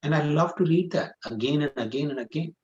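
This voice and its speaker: This spiritual teacher's voice sits fairly high and is a little mellow, and he speaks a little fast. Responding to a student in a scripture class, he explains earnestly, goes over the same points again, and fills his speech with "you know." The audio is dull and lo-fi.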